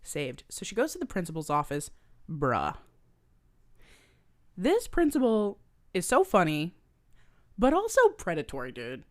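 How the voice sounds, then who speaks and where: A young woman co-hosting a casual movie podcast, talking with a wide, lively swing in her pitch. She sits a little low in her range and swears freely. She acts out the characters' lines as she recaps the movie. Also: a little slow, pauses often. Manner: swearing, animated, acts out quotes. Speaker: podcast co-host.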